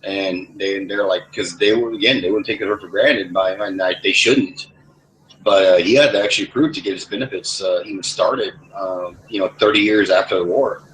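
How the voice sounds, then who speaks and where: A man's voice: low voice, normal speed, fairly bright tone, slight background noise, rough recording. A man in casual chat, talking hesitantly and often repeating words as he starts.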